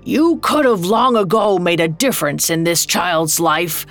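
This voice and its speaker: Woman doing a stern giant male spirit, storybook, grave, commanding, reproachful, slow, gravelly. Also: on the low side, lively intonation, soft background music, full character voice. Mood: scolding.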